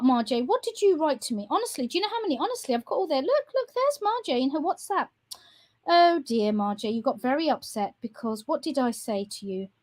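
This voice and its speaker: Woman with a high voice, going off at people, keeps asking "yeah?" and "guess what?", talking straight at her viewers. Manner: accusing, repeating questions, tag "yeah?" after phrases. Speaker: campaigner addressing viewers. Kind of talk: heated direct-to-camera rant.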